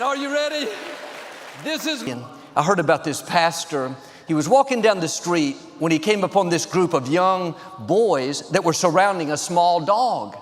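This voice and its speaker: A pastor warms up his congregation with jokes, his fairly high voice carrying upbeat, well-paced humor. He is recorded live in a large church auditorium, where the sound rings out in a long reverb. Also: animated, slight background noise. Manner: upbeat joke-telling with pauses. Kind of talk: sermon opening joke.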